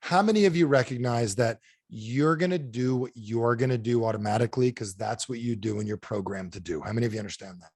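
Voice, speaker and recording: A man's voice: medium pitch, quick pace, a little mellow, slightly rough, dry recording, clean studio sound. A man giving a live seminar talk as a motivational trainer, blunt and salty, who keeps quizzing the audience with "how many of you" questions.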